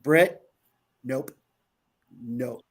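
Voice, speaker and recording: A man's voice: medium pitch, drawn-out words. A man co-hosting an online talk show, telling a trip story in casual chat, acting out quotes and laughing often. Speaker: podcast co-host.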